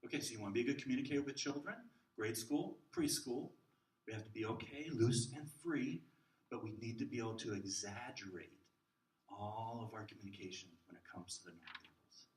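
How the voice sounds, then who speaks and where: A man teaching a class of children's ministry workers, jumping between loud bursts and soft near-whispers to show how to use the voice. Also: medium pitch, a little fast. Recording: roomy echo, mic at a distance.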